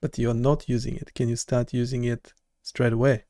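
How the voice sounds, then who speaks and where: Man, live-stream host, gravelly, flat delivery, casual blunt chat. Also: medium pitch, moderate pace, no echo. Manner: casual, blunt, repeats words in bursts.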